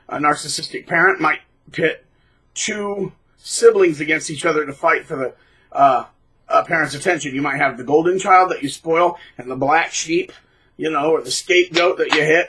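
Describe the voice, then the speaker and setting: A man hosting his own channel, talking bluntly and casually, mocking people by acting out quotes in shrill put-on voices. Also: fairly bright tone, husky, low-quality recording. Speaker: channel host. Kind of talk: casual monologue.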